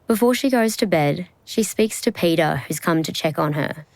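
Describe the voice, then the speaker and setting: An Australian woman journalist narrating a true-crime podcast in a measured, deliberate scripted style. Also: lowish voice, animated, creaky, a little mellow, no room sound, low-quality recording. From Brisbane, Australia. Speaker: investigative journalist and podcast host.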